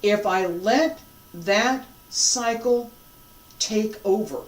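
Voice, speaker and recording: Calm qigong teacher talking people through breathing, mid pitch, recorded far off in an echoey room. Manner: calm, unhurried cues with conversational asides. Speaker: qigong instructor. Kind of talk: guided breathing lesson with reflective talk. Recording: roomy and distant from the mic.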